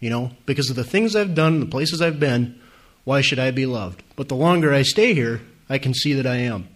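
A man's voice: mid-range voice, lively intonation, moderate pace. A man, giving an earnest, conversational personal testimony to a meeting audience, with many fillers. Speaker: speaker at a recovery meeting.

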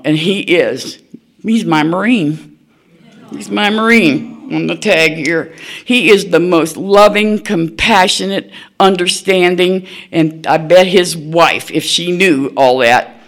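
A woman's voice: lowish voice, unhurried. An older woman, telling her own story at a recovery meeting in a blunt, folksy, candid way, laughing at herself. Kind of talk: personal storytelling share.

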